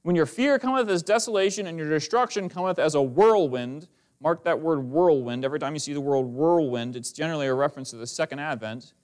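A man's voice: a little high, quick pace. A male pastor preaching a fervent sermon, reading old scripture verses aloud between his comments. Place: church sanctuary.

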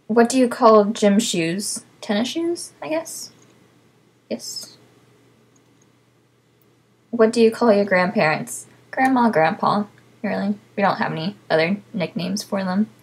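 A woman's voice: medium pitch, husky. A woman with a South Texas accent chatting casually to the camera as a vlogger, with lots of ums. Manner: chatty, many ums, laughs between answers.

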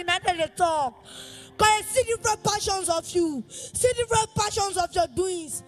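Fervent high-voiced Nigerian woman worship leader. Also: moderate pace, soft background music. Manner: fervent, half-sung, often shouted lines. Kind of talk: chanted praise worship with call and response. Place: church service.

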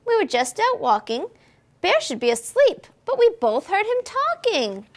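A woman voicing a chatty male hare in a storybook reading, with a quick, talkative manner. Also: very high voice, huge pitch swings, pitched above the performer's own voice, full character voice.

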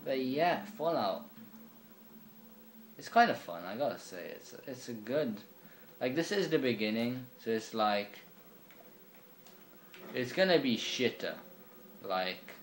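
Slow, rambling young gamer man. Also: mid-range voice, sing-song, slight background noise. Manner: rambling, swearing, quiet and offhand. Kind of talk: casual gameplay commentary. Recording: echoey room with faint ambience.

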